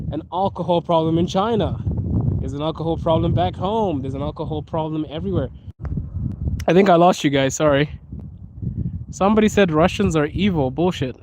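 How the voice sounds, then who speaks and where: A man's voice: fairly high pitch, background noise. Chatty man streaming from his phone. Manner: chatty, laughs often, says "dude" and "bro". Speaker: livestream host. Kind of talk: casual live-stream chat. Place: outdoors on a snowy street.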